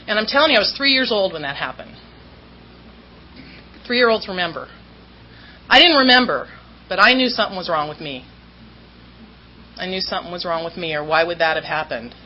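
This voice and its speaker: A woman's voice: lowish voice, expressive, brisk, pauses often, muffled recording, a little hiss or hum. A woman from Southern California candidly telling her recovery story at a meeting, self-mocking and acting out what people said.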